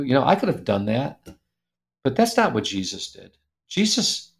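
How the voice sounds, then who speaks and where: Earnest male guest storyteller, gravelly edge, animated and heartfelt. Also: fairly low pitch. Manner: animated, acts out quoted voices; earnest, drops to a soft hush at tender moments. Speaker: guest speaker, publisher founder. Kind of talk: emotional storytelling in an interview.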